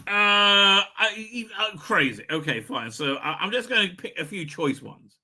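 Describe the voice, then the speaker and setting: A man reviewing a TV episode in a rambling, profane monologue, swinging from casual summary to exasperated shouted rants. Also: sits high, animated, moderate pace.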